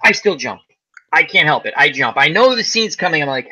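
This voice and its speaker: A man's voice: on the high side, brisk, husky, lo-fi sound. A man hosting a casual chat, telling stories animatedly and acting out the quotes. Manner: animated storyteller, acts out quotes. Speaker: host.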